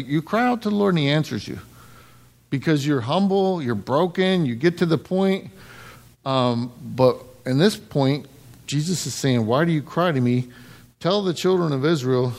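Gravelly-voiced man preaching casually. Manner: conversational, laughs often, lively pitch jumps. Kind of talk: casual sermon.

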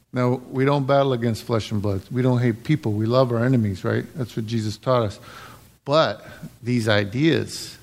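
A middle-aged male pastor gives a relaxed, chatty sermon. His voice sits at an ordinary pitch with a gravelly, creaky edge. He keeps the congregation with him by asking them short questions as he goes. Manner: conversational, asks the congregation "right?" often. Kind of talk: casual sermon.

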